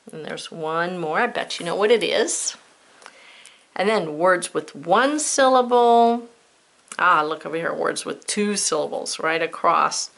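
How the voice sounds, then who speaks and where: A woman's voice: lowish voice, creaky, fairly bright tone. A woman teacher giving a patient, step-by-step spelling lesson, spelling words out letter by letter and checking in with young learners. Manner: addresses young learners directly with friendly checks.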